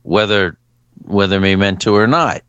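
A man with a fairly low voice, co-hosting a relaxed podcast and spinning stories with wry, dry humor. His voice sits close and dry, with little room sound. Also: normal speed, smooth, dry recording, lo-fi sound. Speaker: podcast co-host. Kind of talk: casual podcast chat.

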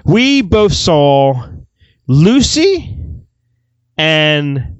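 A man co-hosting a movie review podcast in casual chat, telling animated stories and laughing often. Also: on the high side, extremely slow, no room sound. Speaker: podcast co-host. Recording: dull lo-fi mic.

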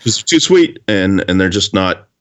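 Deep-voiced laid-back male co-host. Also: sing-song, moderate pace, fairly bright tone. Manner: laid-back, hesitant with many fillers. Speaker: podcast co-host. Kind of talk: casual chat.

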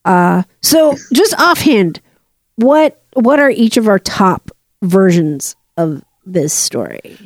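Playful woman with lively pitch. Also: slow, no room sound, studio quality. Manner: playful, leads the discussion. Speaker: podcast co-host. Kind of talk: casual chat.

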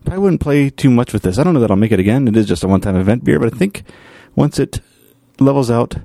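A man's voice: medium pitch, expressive, fast talker, gravelly, dark tone, no room sound, clean studio sound. A man hosting a podcast, giving a casual, rambling update and thinking aloud as he goes. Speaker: podcast host, home brewer.

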